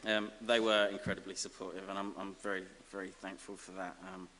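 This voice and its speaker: A man from giving a self-deprecating, comic acceptance speech as an honorary graduate, halting over fillers. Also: low-pitched, flat delivery, pushed and bright. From Essex, England. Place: large ceremony hall. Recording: reverberant hall with faint hiss.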